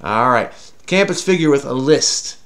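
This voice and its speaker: Here a man hosts an easygoing crossword puzzle with a child, speaking in an animated, slightly bright mid-range voice at a moderate pace. He ribs the kid playfully while patiently clarifying clues.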